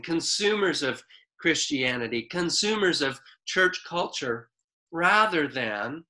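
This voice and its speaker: Slow, bright-voiced male preacher. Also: fairly high pitch, rough recording. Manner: unhurried, conversational preaching with a few restarts; reads scripture slowly and deliberately. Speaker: pastor. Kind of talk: sermon.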